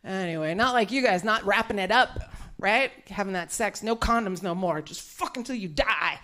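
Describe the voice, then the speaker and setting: A woman's voice: medium pitch, moderate pace, sharp tone. A woman doing a live stand-up comedy set, brash and bawdy, often laughing through her lines. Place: small studio venue set up in a warehouse.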